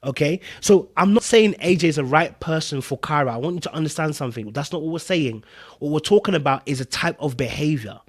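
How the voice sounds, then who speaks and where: A man's voice: on the high side, animated, a little fast, breathy edge. Emphatic man hosting a live reaction stream. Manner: emphatic, repetitive, addresses viewers and chat directly. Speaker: podcast host reacting to a reality show. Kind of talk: casual live commentary.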